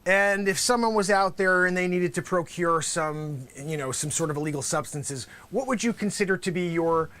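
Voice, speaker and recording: A man playing a lawyer in a comic courtroom sketch, theatrical and swinging between loud calls and whispers. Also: high-pitched, normal speed, few pauses.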